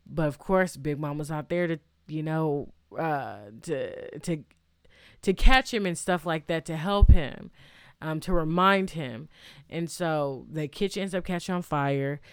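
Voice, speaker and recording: Smooth-voiced woman rambling through a movie recap. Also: on the low side, moderate pace, no echo, clean studio sound. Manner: rambling, loose retelling with many fillers and restarts; chatty, reacts aloud to the story. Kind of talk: casual movie plot recap.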